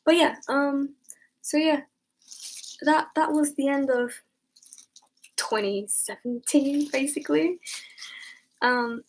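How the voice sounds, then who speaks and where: A woman's voice: sits high, takes it slowly, long pauses, slight background noise, rough recording. Chatty young woman telling stories. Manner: chatty, animated storytelling with slang and swearing. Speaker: streamer. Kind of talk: casual story time. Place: home room at night.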